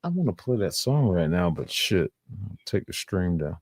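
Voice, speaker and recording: A male streamer reacts in an unhurried, profane, rambling way, laughing as he goes. His voice sits a little low but moves expressively, and the sound is dry. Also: lively intonation, a little mellow, no echo. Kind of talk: casual live-stream reaction.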